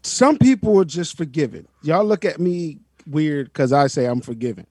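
A man in casual chat, animated and playful, repeating himself, with a husky voice. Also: fairly high pitch, normal speed, no room sound, studio quality.

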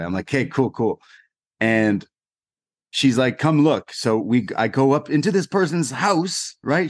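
A man co-hosting a casual podcast, telling an animated anecdote with lots of fillers. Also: mid-range voice, no echo, studio quality. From Canada. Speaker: podcast co-host. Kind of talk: casual chat, storytelling.

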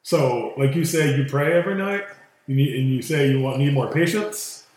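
A man's voice: medium pitch, moderate pace, darkish tone. A man co-hosting a podcast with laid-back, teasing banter. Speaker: podcast co-host. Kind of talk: casual chat. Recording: very echoey room.

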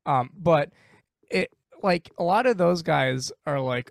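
A man's voice: a little high, animated, takes it slowly, creaky, no room sound, studio quality. A man speaking as a guest on a podcast, ranting bluntly and with animation in casual conversation.

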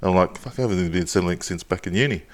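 A man's voice: deep voice, fast talker. A young man co-hosting a casual podcast, telling stories in an easygoing way, laughing often and swearing casually. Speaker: podcast co-host.

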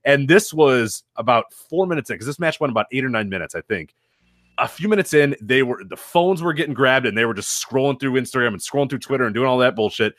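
A man co-hosting a wrestling podcast in casual chat. He talks fast, with his pitch swinging widely as he acts out what other people said. He laughs often and swears freely, in a dry, close recording. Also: lively intonation, a bit bright, no echo. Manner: acts out quoted people in changed voices. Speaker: podcast co-host.

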